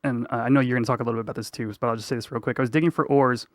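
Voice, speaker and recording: A man on a gaming podcast tells a story in a meandering way, full of restarts and fillers. His voice is mid-pitched and recorded close and dry, with no room sound. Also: fairly even intonation, racing, no echo. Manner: rambling, many fillers and restarts. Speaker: podcast co-host. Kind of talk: casual gaming chat.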